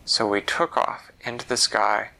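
A man's voice: on the low side, little pitch movement, a little slow, gravelly, bright, forceful tone, poor audio. A man telling a fantasy story aloud, leisurely and repeating words for effect. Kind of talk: oral storytelling.

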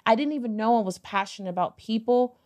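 A woman with a fairly high voice talks as a podcast guest. She tells her story in an animated, conversational way, slipping into other people's voices for quoted lines and cursing casually. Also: quick pace. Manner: animated, acts out quoted dialogue, swears casually. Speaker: podcast guest, business owner.

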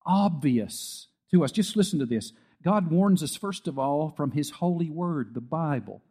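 A middle-aged man with a fairly high, darkish voice preaches a sermon as pastor. He tells stories with acted-out quotes and builds to emphatic peaks.

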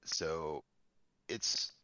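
A man's voice: very slow, pushed and bright, no echo, poor audio. A young man co-hosting a podcast in casual chat, rambling and swearing freely. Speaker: podcast co-host.

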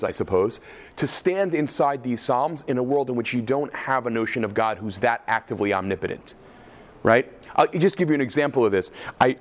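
A man teaching a class on biblical texts, talking with an animated, questioning manner and often checking in with "right?". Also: mid-range voice. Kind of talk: lecture with class discussion.

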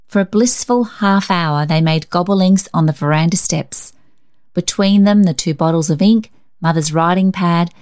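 A woman narrating a children's story in a gentle, expressive reading voice. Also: on the low side. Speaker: reader.

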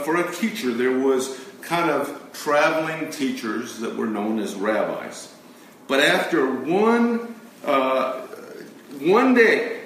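A man's voice: on the high side, fairly bright tone, slight background noise. A man giving a conversational teaching sermon to a congregation, asking them questions as he goes. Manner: conversational, asks the audience questions. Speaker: pastor. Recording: echoey room, mic from a distance.

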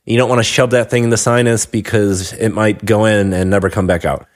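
A man's voice: lowish voice, steady tone, a little fast. A man who is a dentist co-hosting the talk, asking questions and cracking jokes in a casual chat. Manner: joking, wisecracking questions. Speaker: dentist co-host. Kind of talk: casual clinical discussion.

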